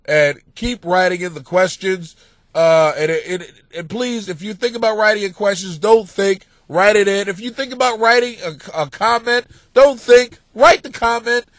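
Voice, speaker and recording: Male comic podcast host, high voice, crude rant, dead-dry booth sound. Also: moderate pace, no echo. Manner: crude, ranting, swings into yelling and laughter. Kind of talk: profane comedic monologue.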